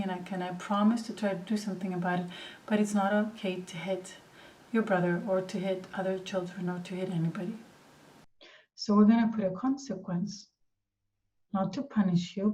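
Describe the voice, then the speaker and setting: A woman answering a parent's question as a parenting coach, speaking calmly and gently and acting out what a parent might say to a child. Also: medium pitch, a little hiss or hum. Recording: dull, slightly distant sound.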